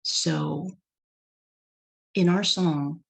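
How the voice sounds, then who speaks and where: A woman's voice: low-pitched, steady tone, extremely slow, vocal fry, poor audio. A middle-aged woman from California giving a personal testimony talk as guest speaker, telling a story and acting out her child's lines.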